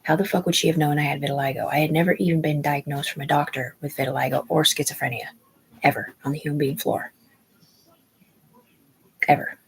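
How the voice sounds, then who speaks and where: A woman's voice: deep voice, fairly even intonation, a little fast, creaky, pauses often, a little hiss or hum, rough recording. A woman in her forties telling a long personal story on a livestream, rambling and agitated, swearing often and restarting her sentences. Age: 40s.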